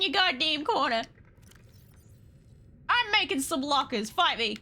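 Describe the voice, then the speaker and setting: A woman's voice: high voice, sing-song, a little slow, pauses often, sharp tone. A woman casually commenting on her gameplay, swearing often with playful exasperation. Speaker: game streamer.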